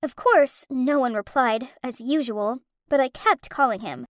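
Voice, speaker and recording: A woman narrating an animated story in the first person, emotional and dramatic, on a close studio mic. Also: high-pitched, unhurried, no echo.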